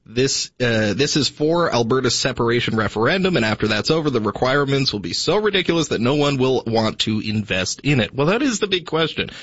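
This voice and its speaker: A man working as a radio producer, reading listener messages on air and explaining the news in a steady, casual way. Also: medium pitch, a little fast, hardly any pauses, slightly rough, dry recording. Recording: dry, slightly dull broadcast audio.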